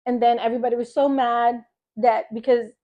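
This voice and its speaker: A woman from Philadelphia with a fairly high voice shares a personal faith testimony. She tells it in a lively, storytelling way, repeating phrases for emphasis and acting out the conversations she had. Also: a little fast, lo-fi sound. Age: adult mother. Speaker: faith vlogger.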